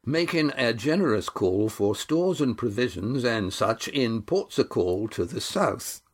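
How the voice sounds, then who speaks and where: A dry seaman, voiced by a male audiobook narrator, flat and unexpressive to the point of sarcasm. The voice stays close to the reader's own, in a storybook reading. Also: medium pitch, a little slow, breathy edge. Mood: sardonic.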